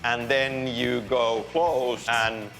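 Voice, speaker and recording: A man showing a visitor around a game studio, explaining and directing her in a calm, patient, instructive way. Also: mid-range voice, takes it slowly, soft background music.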